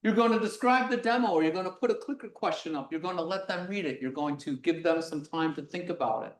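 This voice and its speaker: Middle-aged physics demo presenter, animated and loud, a bit off-mic in an echoey room. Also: medium pitch, fast talker, distant mic. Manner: animated, acts things out, projects loudly. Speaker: physics lecture demonstrator. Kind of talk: live workshop presentation. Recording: roomy sound from away from the mic.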